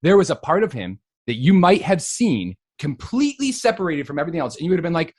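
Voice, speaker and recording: A man's voice: fairly high pitch, big pitch swings, quick pace, hardly any pauses, darkish tone, slightly rough, no echo. A man in his thirties from Western Massachusetts, chatting animatedly as an interview guest, with lots of fillers and easy laughter. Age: 30s. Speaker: guest actor. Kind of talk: casual interview chat.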